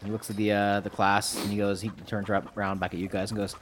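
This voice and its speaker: Game master, male, low-leaning voice, loose and profane storyteller. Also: little pitch movement, fast talker, slight background noise. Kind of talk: casual tabletop narration.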